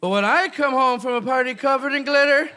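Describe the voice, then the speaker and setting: A Canadian man doing a stand-up comedy set, animated and breaking into loud shouted bits. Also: very high-pitched, fairly quick, a little hiss or hum. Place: live comedy venue with audience.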